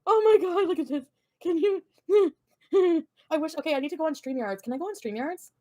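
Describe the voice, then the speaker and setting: A woman's voice: high voice, lively intonation, fairly quick, dark tone. Giggly, chatty Canadian woman on a livestream. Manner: chatty, giggly, swears casually. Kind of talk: rambling livestream gossip.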